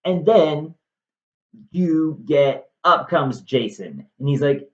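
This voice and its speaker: A man's voice: on the high side, expressive, slow pace. A man retelling a story in a casual, chatty and sarcastic way, in a roomy, slightly muffled recording.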